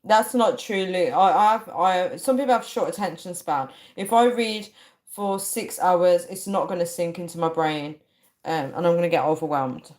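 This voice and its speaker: Young woman host, slightly low voice, casual and giggly, chatting with live viewers. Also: normal speed, a little mellow. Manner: laughs a lot, chatty, reads viewer names aloud. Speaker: livestream host. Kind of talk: casual livestream chat reading comments.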